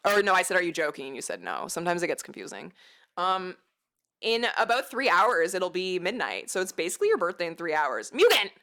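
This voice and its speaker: A bubbly woman streamer chatting casually, her voice swinging widely in pitch as she giggles and reacts to chat. Her tone is bright and lively, and she swears freely. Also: fairly quick. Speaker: livestreamer.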